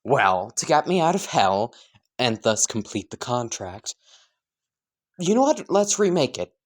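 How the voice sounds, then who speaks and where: A man's voice: mid-range voice, very animated, measured pace. A man voicing a young demon brother from hell who bargains over a contract, casual and swearing. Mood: bargaining. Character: demon twin brother freed from hell, scheming.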